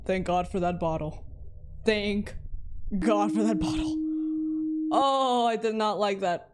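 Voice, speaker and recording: A woman with a mid-range, darkish-toned voice streams a horror game as live commentary. She talks to her chat, reacting in jumpy, dramatic bursts and laughing often.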